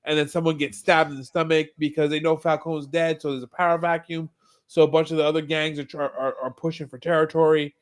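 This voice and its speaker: Fairly quick and a little high-pitched, a male podcast co-host chats casually about a TV episode. He tells it animatedly and voices the characters' lines himself.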